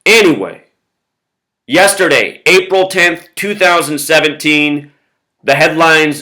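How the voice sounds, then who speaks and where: A man's voice: fairly high pitch, takes it slowly, bright, forceful tone, rough recording. A man talking straight to his viewers in a casual monologue, emphatic, with lists of repeated words and frequent "you know". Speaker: video blogger.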